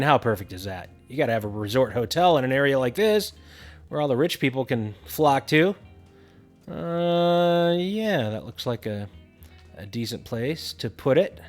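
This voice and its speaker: A man casually narrating a building game tutorial, thinking aloud with frequent fillers. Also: medium pitch.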